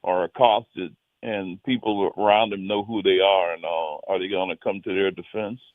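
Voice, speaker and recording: A man's voice: low voice, steady tone, normal speed, no room sound. A man calling in to a radio show, easygoing and agreeable in casual chat. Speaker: caller. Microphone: phone. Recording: tinny phone line.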